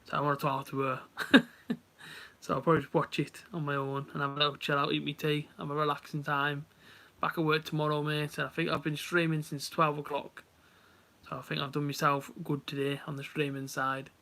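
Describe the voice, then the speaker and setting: A man's voice: on the high side, little pitch movement, a little fast, vocal fry, sharp tone. A young man chatting casually to viewers while he watches a match live and comments on it. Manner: chatty, rambling, talks straight to viewers. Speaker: live stream host.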